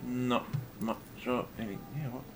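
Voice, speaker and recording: A man's voice: mid-range voice, steady tone, a little slow, background noise. Irreverent man joking through a game. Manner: joking and irreverent, swears, mocks in-game text. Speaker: let's play host. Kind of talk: casual gameplay commentary.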